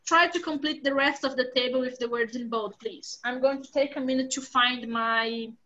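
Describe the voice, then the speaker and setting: A woman teaches English in a live online class and explains each word with simple examples and synonyms. Her voice sits high, and her English carries a Brazilian Portuguese accent. The audio is muffled and lo-fi, like a web lesson. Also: fairly even intonation, moderate pace, bright, forceful tone, a little hiss or hum.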